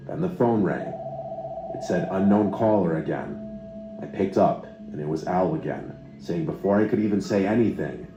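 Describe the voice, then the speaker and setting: A man calmly narrating a true horror story in scripted style. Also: low-pitched, normal speed, highs cut off. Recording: echoey with loud music bed.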